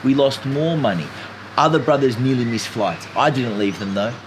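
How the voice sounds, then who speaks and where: A man telling a story in an animated, emphatic way as a podcast guest. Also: mid-range voice, normal speed, noisy background. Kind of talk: casual storytelling chat.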